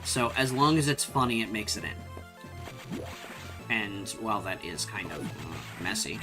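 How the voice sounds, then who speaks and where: A man's voice: on the low side, unhurried. A man giving casual, rambling commentary while playing a game on stream, swearing when surprised. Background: game music.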